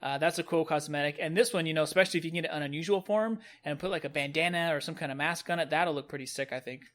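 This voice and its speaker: A man's voice: a little high, fast, fairly bright tone. A young man casually reviewing new game cosmetics, upbeat and rambling. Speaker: gaming video host.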